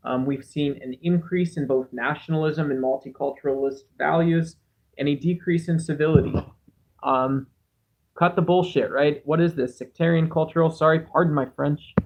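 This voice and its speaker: A man's voice: a little high, fairly even intonation, moderate pace, lo-fi sound. A man hosting a casual livestream, reading chat aloud and rambling through musings in a self-deprecating way on a cheap home microphone. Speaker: livestream host.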